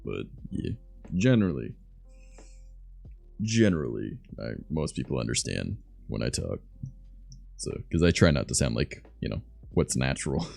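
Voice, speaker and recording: A young man from Canada with a deep voice, chatting loosely and softly on his stream, swearing as he goes. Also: big pitch swings, normal speed, vocal fry, long pauses, no room sound, faint music behind. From Southern Ontario, Canada. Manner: soft-spoken, loose and swearing. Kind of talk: casual stream chat.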